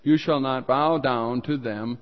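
A man's voice: mid-range voice, steady tone, measured pace. Man preaching in a reverberant hall. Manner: earnest preaching, rising and louder when reading scripture. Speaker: pastor. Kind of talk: sermon. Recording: dull sound with long hall reverb.

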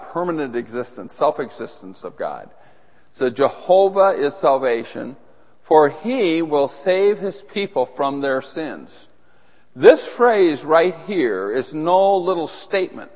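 A middle-aged man preaching a teaching sermon and putting questions to his listeners. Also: mid-range voice. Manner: teaching, asks the audience questions. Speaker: pastor. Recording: long reverb of a large hall.

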